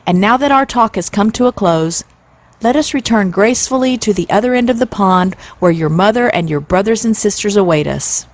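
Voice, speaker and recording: A woman's voice: mid-range voice, animated, brisk, lightly acted. A woman doing a pompous, long-winded father swan. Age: 60s. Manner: long-winded, formal, flowery speech. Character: stately pompous father swan, male, grand talker.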